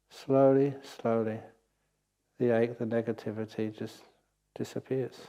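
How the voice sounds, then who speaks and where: An older man giving a gentle, unhurried meditation talk with playful asides, as a meditation teacher on retreat. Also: medium pitch. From England. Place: meditation hall at a retreat centre.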